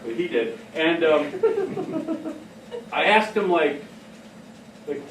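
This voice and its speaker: A middle-aged man tells stories in an animated, chatty way. His voice sits a little high and rings in a roomy hall. He is heard from some distance, with faint hum behind him. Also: extremely slow, pauses often. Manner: animated storyteller, laughs often. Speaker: speaker on behavioral care. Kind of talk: casual talk to an audience. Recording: echoey room from far off.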